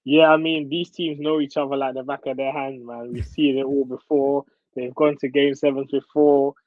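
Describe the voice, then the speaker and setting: A man appearing as a podcast guest, chatting casually and in a relaxed way about basketball. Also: mid-range voice, moderate pace, no echo. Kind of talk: casual sports chat. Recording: dull, dry sound.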